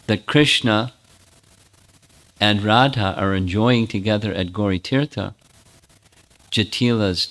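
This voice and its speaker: A man, a spiritual teacher, retelling a sacred story in a sermon, animated with small restarts. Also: fairly low pitch.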